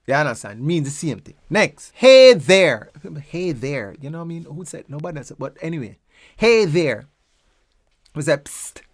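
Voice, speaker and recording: A woman's voice: low voice, no echo, clean studio sound. A woman with a Jamaican accent explaining everyday phrases in a casual, playful way, repeating words rhythmically to show how they sound. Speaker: presenter teaching local phrases.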